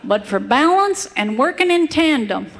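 A woman's voice: high voice, very animated, normal speed, creaky, in a large hall, background noise, pitched above the performer's own voice, exaggerated voice. A woman doing a folksy old cowboy packer. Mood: folksy bragging. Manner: drawling cowboy talk. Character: old male Western mule packer, folksy braggart.

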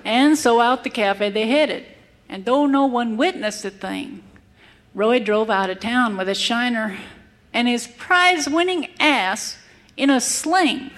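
A woman's voice: fairly high pitch, slow, a bit bright. A woman reciting a humorous rhyming cowboy poem in a wry storytelling manner. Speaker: cowboy poet.

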